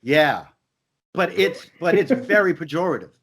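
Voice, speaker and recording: A man's voice: on the high side, big pitch swings, a little slow, crowd noise. A man in a heated conversational discussion, talking emphatically and repeating his points with stammered restarts.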